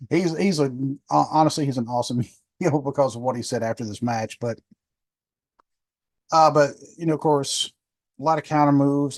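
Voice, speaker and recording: A man's voice: medium pitch, a little mellow, no echo. A man of fifty hosting a podcast, talking loosely in a rambling, chatty way, with many ums and restarts. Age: 50s. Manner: rambling, chatty, self-correcting with many fillers. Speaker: podcast host. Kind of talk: casual solo podcast review.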